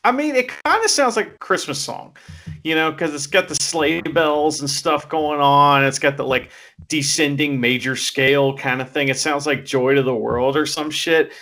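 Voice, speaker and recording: A man co-hosting a podcast, chatting casually in an animated, jokey way with swearing. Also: a little high, moderate pace. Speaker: podcast co-host. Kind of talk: casual chat.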